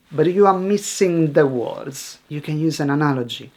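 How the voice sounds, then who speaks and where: A man's voice: on the high side, animated, moderate pace, few pauses. A man, a teacher giving a scripted video lesson in short, emphatic phrases and rhetorical questions. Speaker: Italian teacher.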